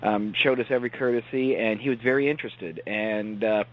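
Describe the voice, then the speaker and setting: A man's voice: lowish voice, steady tone, fairly quick. A man guest recounting a field investigation in conversation, earnest and enthusiastic about history. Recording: dull lo-fi audio.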